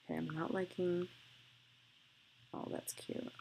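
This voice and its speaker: Low, gravelly-voiced young woman chatting. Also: level tone, a little slow, darkish tone. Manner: chatty, gushing, thinks aloud while clicking. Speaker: photographer demonstrating photo editing. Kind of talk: casual screen-recorded tutorial.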